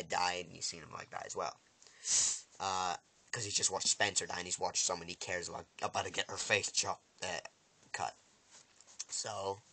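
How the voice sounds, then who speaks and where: A man excitedly recapping a TV episode in a casual vlog, rambling with restarts and acting out characters' lines. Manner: animated storyteller, acts out lines with big loud jumps in pitch; rambling, many restarts and fillers.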